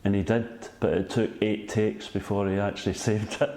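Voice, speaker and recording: A man's voice: lowish voice, level tone, normal speed, darkish tone, echoey room. A Scottish man in his sixties, a former footballer, telling rambling stories as a guest and often asking "you know what I mean?". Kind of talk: casual anecdote telling.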